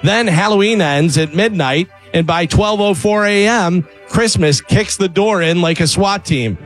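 Man, radio regular, sarcastic comic rant voice, slightly high pitch, faint music bed. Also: unhurried. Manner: sarcastic, punchline-driven. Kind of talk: comedic rant.

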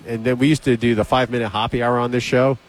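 Male radio host, mid-range voice, animated storyteller who acts out the quotes. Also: mid-range voice, quick pace, poor audio. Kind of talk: casual radio banter, storytelling.

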